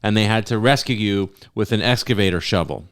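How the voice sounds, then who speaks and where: A man co-hosting a comedy podcast, chiming in with laughs and quick agreement. His voice sits a bit low and sounds smooth and clear. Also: fairly bright tone. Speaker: podcast co-host. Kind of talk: casual comedic chat.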